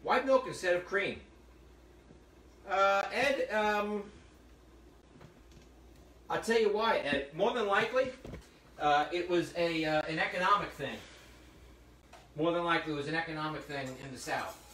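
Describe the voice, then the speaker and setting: A man running a live cooking class, chatting through every step in a fairly high voice. He sounds a little away from the phone mic, and the kitchen around him rings with echo. Pots and pans clatter faintly behind him. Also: lively intonation, measured pace, pauses often, sharp tone, slight background noise. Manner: chatty, explains steps as he cooks. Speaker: cooking instructor. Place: hot kitchen. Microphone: phone streaming to a remote audience. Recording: echoey room, voice from a distance.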